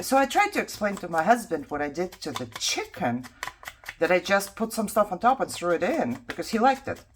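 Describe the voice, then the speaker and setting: A chatty woman talking casually at her craft table at home, her pitch bouncing up and down in a lively way. She laughs often and slips into soft mutters to herself while she works. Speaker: craft journaling vlogger.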